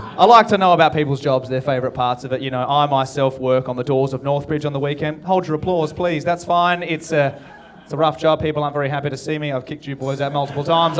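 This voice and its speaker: A young Australian man doing stand-up at a comedy club, bantering cheekily and swearing as he works the crowd. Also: on the high side.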